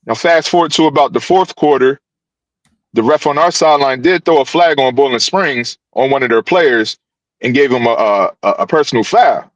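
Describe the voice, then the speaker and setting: A youth football coach telling a story on a podcast over a video call, animated and full of restarts. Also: male voice, mid-range voice, moderate pace, dry recording, poor audio. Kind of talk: casual podcast guest recounting events.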